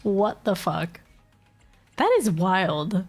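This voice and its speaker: A woman's voice: mid-range voice, expressive, very slow, soft background music. A young woman streaming live, chatting casually with her chat, swearing and laughing often, her nose blocked so she sounds stuffy.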